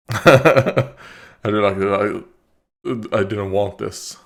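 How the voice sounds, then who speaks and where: A man with a somewhat low voice gives casual reaction commentary. He thinks out loud as he goes, rambling with filler words and laughs between thoughts. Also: drawn-out words. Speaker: reaction video host.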